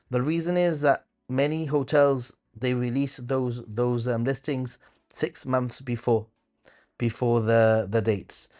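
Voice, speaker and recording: A man hosting a live travel Q&A stream, answering viewer questions in a relaxed way and thinking aloud with many hesitant fillers and restarts. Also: medium pitch. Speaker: host of a travel channel.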